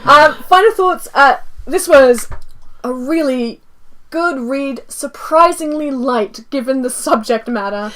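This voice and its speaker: A woman hosting a casual book club panel, chatty and quick to laugh. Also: high voice. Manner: lively, laughs often.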